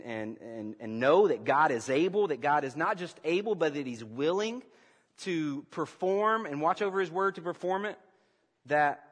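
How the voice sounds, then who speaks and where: A man preaching a sermon as pastor to his congregation, animated and shifting his emphasis and loudness as he speaks. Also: mid-range voice, in a large hall. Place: church sanctuary.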